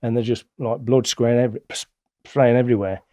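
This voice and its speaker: A middle-aged man, a guest telling stories in a blunt, colloquial, animated way. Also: medium pitch, brisk, lo-fi sound. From England. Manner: blunt, colloquial, animated retelling with acted-out quotes. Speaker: interview guest. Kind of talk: casual storytelling.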